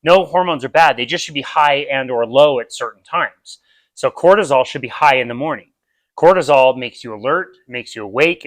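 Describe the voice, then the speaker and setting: A man's voice: medium pitch, fairly bright tone, no room sound. Chatty American man giving a talk. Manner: conversational, explains with vivid examples. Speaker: nutrition seminar presenter. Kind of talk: casual outdoor lecture. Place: outdoor park.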